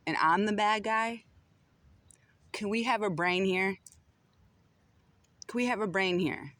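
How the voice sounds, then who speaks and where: A man's voice: high-pitched, slow, sharp tone, no echo. A man delivering a heated personal rant to the camera, repeating phrases for emphasis.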